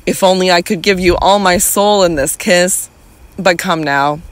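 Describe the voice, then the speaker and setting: A man's voice: high voice, a little slow. A man reading as a proud, teasing noblewoman. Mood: passionate. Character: proud aristocratic woman, teasing and commanding.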